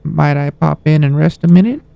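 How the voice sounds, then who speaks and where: A man's voice: a little high, normal speed, vocal fry, dark tone, dry recording, pitched above the performer's own voice. A man voicing an elderly, chatty grandmotherly woman who folksily calls everyone dearie, reading game dialogue on a live stream. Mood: sweetly rambling.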